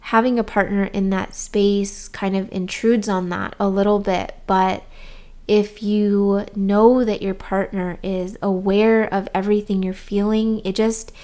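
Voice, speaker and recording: A woman's voice: medium pitch, fairly even intonation, unhurried, warm tone. A young adult woman talking casually and candidly to her viewers as a YouTuber, with frequent ums and likes. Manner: candid and chatty, with many "um" and "like". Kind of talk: casual chat to camera.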